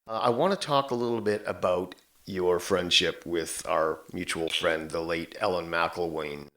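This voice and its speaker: A male podcast host asks measured questions and sums up what his guest says. His voice sits low. His delivery is calm and even. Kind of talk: interview questions.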